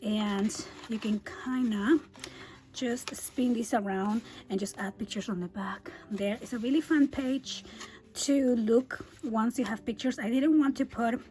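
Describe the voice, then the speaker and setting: Female crafter, fairly high voice going breathy and hoarse, relaxed chatty tutorial delivery. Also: poor audio. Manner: chatty, easygoing, frequent um and uh. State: losing her voice, often drops to a breathy whisper. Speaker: scrapbooking crafter. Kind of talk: casual craft album walkthrough.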